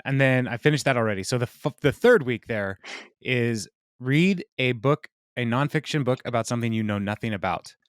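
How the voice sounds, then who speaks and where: A man's voice: mid-range voice, fairly quick, no echo. Podcast co-host, male, casual rambling banter, dry close-mic sound. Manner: rambling, joking, trails off mid-thought. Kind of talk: casual book chat.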